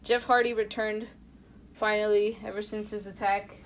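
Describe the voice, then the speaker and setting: A woman co-hosts a podcast in loose, casual chat. She is chatty and animated, and she leans on fillers and restarts. Her pitch sits in the middle range. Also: normal speed, slight background noise. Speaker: podcast co-host.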